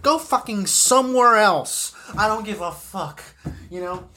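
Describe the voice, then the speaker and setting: A man's voice: high-pitched, expressive, a little slow, bright, forceful tone. A young man hosting a solo podcast episode, ranting in an agitated, profane, repetitive way, full of "you know"s. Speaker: podcast host.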